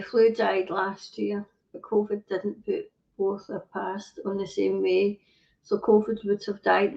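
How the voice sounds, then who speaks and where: A woman's voice: mid-range voice, a bit bright. A Scottish woman hosting a livestream, ranting angrily with lots of swearing and reading out viewer comments. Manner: angry, sweary, reads viewer comments aloud. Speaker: livestream host. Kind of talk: casual livestream rant. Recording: dull lo-fi stream audio.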